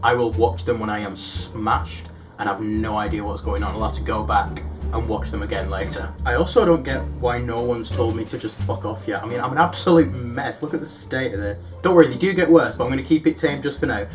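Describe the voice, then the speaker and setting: A man's voice: brisk, soft background music. Self-deprecating young man vlogging. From United Kingdom. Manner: self-deprecating, animated, reads out his own messages with rising pitch. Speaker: YouTuber. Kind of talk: casual vlog storytelling.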